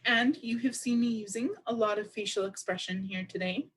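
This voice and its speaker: A woman interpreting aloud for a deaf presenter at a public seminar, speaking in a measured, explanatory way. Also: medium pitch, fairly bright tone, husky. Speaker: sign language interpreter voicing a deaf presenter.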